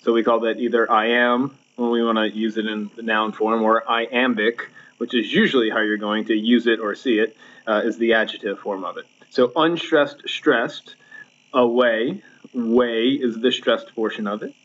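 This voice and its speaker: A male teacher records a slideshow lecture at home, his pitch sitting in the middle range. He explains patiently, with plenty of fillers and restarts. The laptop mic gives a slightly dull, muffled sound. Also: fairly even intonation, normal speed, a bit bright.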